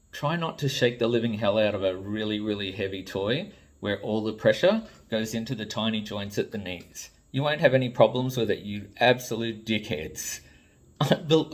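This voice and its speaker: Australian man, toy designer, vlog rant, blunt, exasperated, swears a lot, mid-pitched voice. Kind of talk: ranting vlog commentary.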